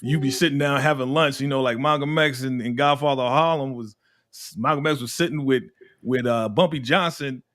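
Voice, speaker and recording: A man hosting a casual TV episode review, animated and laughing often, his voice swinging between high and low. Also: a little fast. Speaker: host of a TV recap show.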